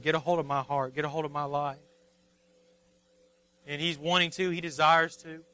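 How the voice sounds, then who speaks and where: A man, preaching a sermon as a pastor, pleading and impassioned, rising to near shouting. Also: fairly high pitch, smooth, rough recording.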